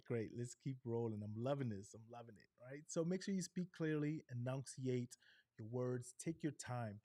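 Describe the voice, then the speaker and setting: A middle-aged man coaching a live online workshop, animated, deliberately shifting his pace and pitch and often checking in with "right?". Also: no room sound, clean studio sound. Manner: animated, varies pitch and pace on purpose, frequent "right?" tags. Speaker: on-camera presentation coach.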